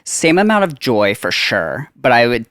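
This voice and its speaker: A man's voice: mid-range voice, sing-song, moderate pace, fairly bright tone, no echo, studio quality. A young man, a guest on a podcast, chatting casually about his work as a theme park character performer, with many filler "like"s.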